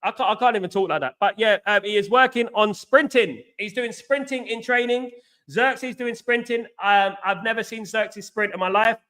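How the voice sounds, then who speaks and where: A man hosting a casual football fan chat, telling animated stories with slang and asides. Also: high-pitched, moderate pace. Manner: animated, chatty storytelling with slang. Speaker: host.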